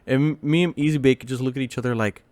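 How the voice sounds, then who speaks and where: A young man tells a story from his school days in a loose, rambling way, full of fillers and false starts. His voice sits at an ordinary middle pitch. The recording is dry and close, with no room echo. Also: steady tone, fast talker, darkish tone. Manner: rambling, with many fillers and restarts. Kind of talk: casual storytime vlog.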